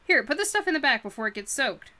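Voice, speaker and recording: A woman's voice: high-pitched, big pitch swings, fast talker, pushed and bright, pitched above the performer's own voice, exaggerated voice. A woman reading aloud, voicing a genteel, insistent middle-aged man who talks in a chatty, persuasive way. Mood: smooth. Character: overly polite, insistent middle-aged gentleman.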